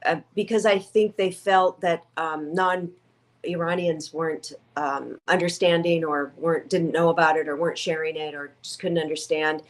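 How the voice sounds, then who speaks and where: A woman speaking as an interview guest, her voice sitting a little low. She tells her story with feeling, slipping into the voices of people she quotes, and sounds near tears. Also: steady tone, normal speed. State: tearful. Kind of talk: conversational interview.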